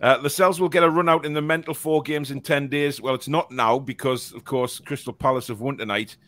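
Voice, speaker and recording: A fan podcast host runs a casual live show, chatting, laughing and reading out viewer comments amid plenty of fillers and restarts. His mid-range voice is brisk and fairly bright, with fairly even intonation.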